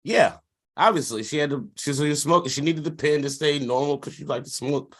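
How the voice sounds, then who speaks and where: A man's voice: fairly high pitch, a little fast. A man co-hosting a sports podcast in casual chat, rambling with lots of fillers and slang and laughing often. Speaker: podcast co-host.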